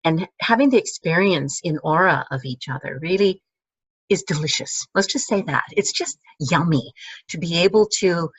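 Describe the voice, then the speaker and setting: A woman, a guest teacher, chatting in an interview with musing, halting phrases that trail off and restart, heard over a video call. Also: fairly low pitch, animated, husky, no room sound, low-quality recording. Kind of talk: casual conversational interview.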